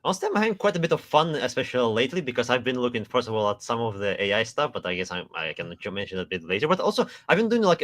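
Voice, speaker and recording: A man's voice: mid-range voice, a bit bright, no echo, studio quality. A man co-hosting a casual livestream, rambling with lots of fillers and restarts. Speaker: co-host, marketing officer.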